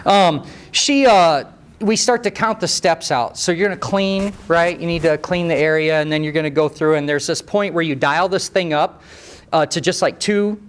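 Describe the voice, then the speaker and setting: A man who trains mechanics, telling a story in a live talk, conversational and animated, with rhetorical questions and asides. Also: fairly high pitch. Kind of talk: storytelling presentation to a live audience.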